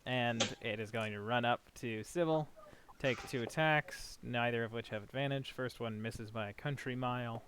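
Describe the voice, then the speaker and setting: Brief: male game master, casual narration, quick laughs. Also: medium pitch, a bit bright.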